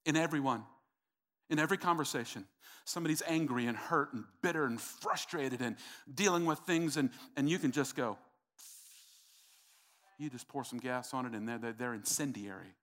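A man's voice: medium pitch, normal speed, a bit bright. A middle-aged man preaching a sermon, emphatic and repetitive, calling out to the congregation. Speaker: pastor.

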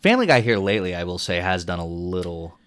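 A man hosting a casual podcast chat, laughing often and acting out quotes in animated voices. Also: low-pitched, fast. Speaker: podcast host.

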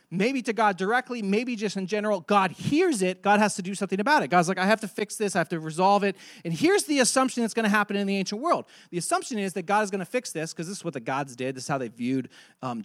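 A man preaching a sermon, telling a Bible story and acting out its dialogue with animated delivery. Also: high voice, no echo, clean studio sound. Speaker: pastor.

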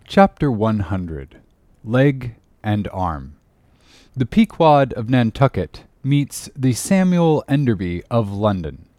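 A man narrates a novel in measured storytelling. His pitch moves in a lively way over a mid male register. The recording is dry and close. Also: dry recording. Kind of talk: audiobook narration.

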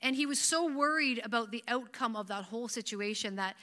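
A woman from Canada delivers a church sermon with a bright, clear tone and a fairly high voice. She talks in a chatty, animated way and laughs easily as she speaks. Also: brisk. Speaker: pastor.

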